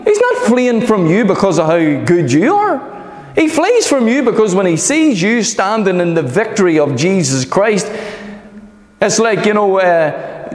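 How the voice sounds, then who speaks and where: Emphatic preacher in echoey hall. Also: male voice, high-pitched, unhurried. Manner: emphatic, animated preaching with repeated calls of amen. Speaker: pastor. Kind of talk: sermon.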